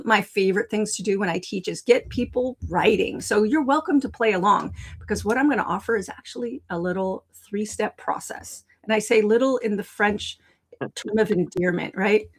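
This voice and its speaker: A woman at a mid-range pitch, leading a live online writing lesson. She talks casually and keeps turning to viewers in the chat. The sound comes through a video call microphone. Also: brisk, breathy edge, rough recording. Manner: chatty, addresses viewers in the chat. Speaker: writing coach and live show host. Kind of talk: casual live-stream teaching.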